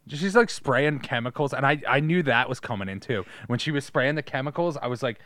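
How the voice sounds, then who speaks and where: A man's voice: medium pitch, a little fast, a bit bright, no echo. A man co-hosting a podcast in casual chat, laid-back and swearing freely. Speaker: podcast co-host.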